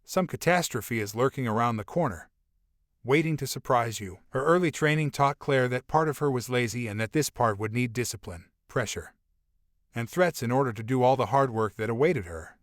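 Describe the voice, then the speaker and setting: A man reading nonfiction aloud as an audiobook narrator, in a calm and measured way. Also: mid-range voice, no room sound, clean studio sound.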